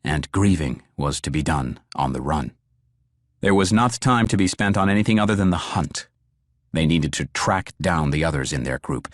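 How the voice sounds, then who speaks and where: This audiobook narrator is a man whose voice sits low, and he tells the story in a measured, even manner. No echo, studio-quality audio.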